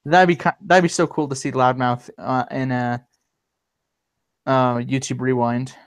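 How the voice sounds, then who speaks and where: A man chatting casually on a livestream as the host, his voice smooth and resonant. He rambles along, full of ums and restarts, at an ordinary middle pitch. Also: fairly even intonation, unhurried. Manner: rambling, many fillers and restarts.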